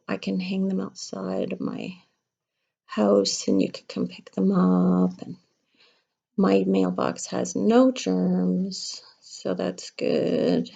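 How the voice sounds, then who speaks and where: Chatty teacher woman with a gravelly voice. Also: medium pitch, level tone, takes it slowly, warm tone. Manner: chatty and playful, talking to young children. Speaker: kindergarten teacher. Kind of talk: casual craft lesson to camera. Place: home. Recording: dull lo-fi home video.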